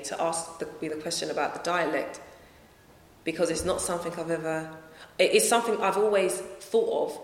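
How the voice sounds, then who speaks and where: A woman's voice: lowish voice, a little hiss or hum. Woman, singer, interview, conversational, self-correcting, echoey room, faint ambience. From England. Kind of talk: interview answers. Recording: echoey room with long reverb.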